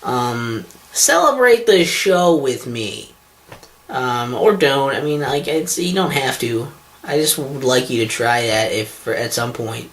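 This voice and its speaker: A man's voice: medium pitch, a bit bright. A man hosting his own online show, talking to camera in a rambling, sarcastic, self-deprecating way, swearing often, with lots of ums and restarts. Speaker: vlogger, show host.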